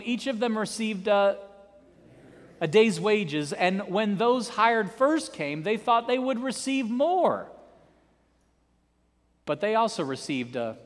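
Animated high-voiced male preacher. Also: long reverb tail. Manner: animated storytelling, dramatic emphasis. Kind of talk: sermon.

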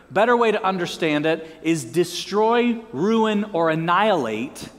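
A male pastor delivers a sermon in a high voice that leaps up and down, breaking into playful asides and asking the congregation to repeat key words after him. His voice rings out with a long reverb from the hall. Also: normal speed, hardly any pauses. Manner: lively, joking asides and call-and-response prompts.

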